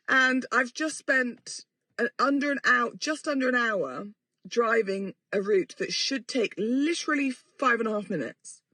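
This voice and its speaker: A woman's voice: medium pitch, a bit bright, no echo. A woman, hosting a podcast in a rambling, self-mocking and sweary casual chat. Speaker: podcast host. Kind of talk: casual chatty monologue.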